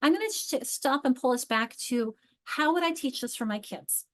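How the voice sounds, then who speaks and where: A woman leading an online teacher training, chatting through her slides with frequent restarts and slow read-aloud examples. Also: high voice, animated, fairly bright tone. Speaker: literacy trainer.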